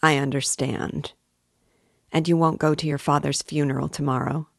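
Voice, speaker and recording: A woman's voice: sits low, steady tone, moderate pace, gravelly, no room sound, clean studio sound. Woman reading a brooding, feverish young man.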